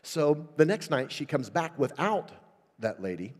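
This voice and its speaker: A middle-aged man preaching at a revival, telling stories and building to loud, fervent exhortation. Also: on the high side, sing-song, a little slow. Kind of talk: sermon. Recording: long hall reverb.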